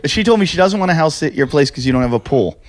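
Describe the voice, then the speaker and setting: A man's voice: a little high, lively intonation, quick pace. A man in a casual podcast chat, chiming in with short agreements and asides.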